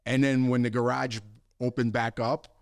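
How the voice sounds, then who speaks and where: A young man co-hosting a podcast, telling a story with lively acted-out voices and frequent laughs. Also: medium pitch, moderate pace, smooth, no echo. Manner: animated storyteller, acts out voices, laughs often. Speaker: podcast co-host. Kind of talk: casual storytelling chat.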